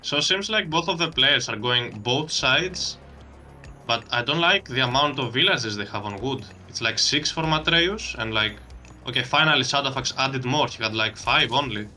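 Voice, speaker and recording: A man's voice: mid-range voice, lively intonation, moderate pace, sharp tone, faint music behind. A man casting a strategy game match, breaking down plays analytically and laughing easily. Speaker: esports caster. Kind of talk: game commentary.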